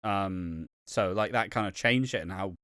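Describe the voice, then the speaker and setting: A man's voice: low-pitched, moderate pace, fairly bright tone, clear, resonant tone, no echo, studio quality. A man co-hosting a podcast in casual, rambling chat, swearing freely and laughing often. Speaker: podcast co-host.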